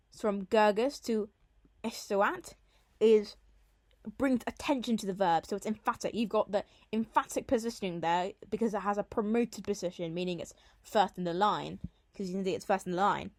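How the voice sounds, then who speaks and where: A woman teacher working through a Latin poem line by line, explaining the devices and slowing down to read the translated lines with emphasis. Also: medium pitch, darkish tone, no echo. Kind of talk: Latin poetry lesson, line-by-line analysis.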